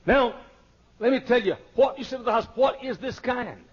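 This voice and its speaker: A man preaching a folksy sermon as pastor, swinging from loud emphatic rises to quiet asides. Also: extremely high pitch, moderate pace, slightly rough. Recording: dull lo-fi archival sermon tape.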